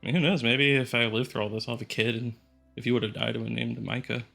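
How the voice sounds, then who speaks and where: A man's voice: mid-range voice, steady tone, very fast, creaky, pushed and bright, soft background music. A man playing a tabletop roleplaying game, chatting casually, jokey and laughing often. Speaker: player. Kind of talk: casual chat.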